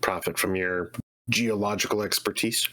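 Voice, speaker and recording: A man with a somewhat low voice takes part in a tabletop game session. He speaks casually and with some hesitation, adding fillers as he works out his choices. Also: steady tone, moderate pace, sharp tone, rough recording. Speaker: player.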